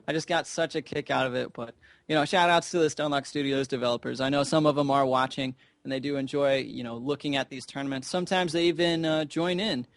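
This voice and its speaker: A man's voice: mid-range voice, steady tone, quick pace, dry recording. Chatty male esports caster, dry sound. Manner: chatty, rambling, joking. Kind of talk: casual game commentary.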